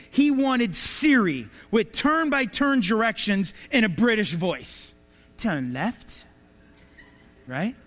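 Preaching in what sounds like a big, echoing church hall, a man's high, light voice carries a fairly bright tone and a long reverb tail. He tells stories and poses rhetorical questions to his congregation.

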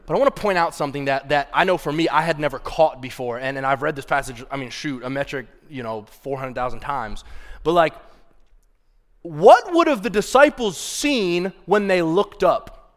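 A man's voice: a little high, moderate pace. A man preaching a sermon as pastor, passionate and conversational, with casual asides to the congregation. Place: church sanctuary. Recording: long reverb of a large hall.

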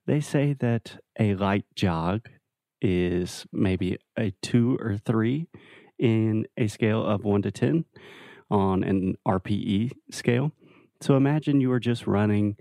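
A man's voice: on the low side, dark tone, no room sound, studio quality. A man hosting a casual English lesson video, explaining ideas with friendly everyday examples. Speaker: English teacher.

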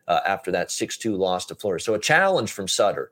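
A man with a fairly low voice hosts a sports betting podcast. He talks in long, loose runs, padding his points with plenty of "uh" fillers. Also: expressive, a little fast, few pauses. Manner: talks at length with many "uh" fillers. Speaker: podcast host.

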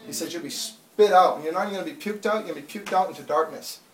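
A man's voice: fairly high pitch, very fast, slight background noise. A man preaching a sermon to a congregation, talking plainly and then building to urgent, impassioned appeals. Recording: echoey room, mic far off.

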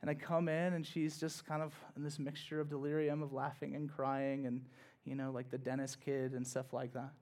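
A male pastor preaching in church, telling a personal story in a conversational way that swings from hushed to loud and emphatic. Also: medium pitch, level tone, moderate pace, few pauses. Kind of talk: sermon told as a personal story.

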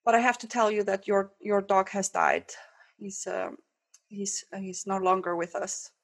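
A woman voicing a calm, apologetic male vet in a joke, speaking softly and quietly. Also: mid-range voice, moderate pace, lightly acted.

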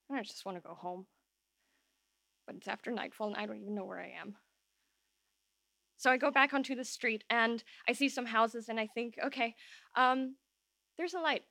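A woman telling a true personal story live on an open-air stage, emotional and halting, voice shaking at times. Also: fairly high pitch, pushed and bright, no room sound, clean studio sound.

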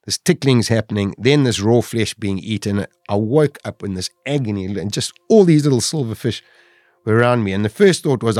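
A man's voice: on the low side, expressive, moderate pace, a little mellow, dry recording. A middle-aged man, a podcast guest vividly retelling his own ordeal and acting out his inner voice. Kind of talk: dramatic personal storytelling.

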